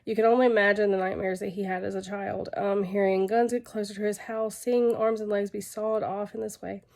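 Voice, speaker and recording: A young woman with a hoarse, gravelly voice that is fading as she recovers from illness. Her tone is dark and subdued, and she stops often with fillers. She presents her research informally to a webcam at home. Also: medium pitch, flat delivery. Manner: halting, many fillers. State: losing her voice, unwell. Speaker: graduate student presenting research.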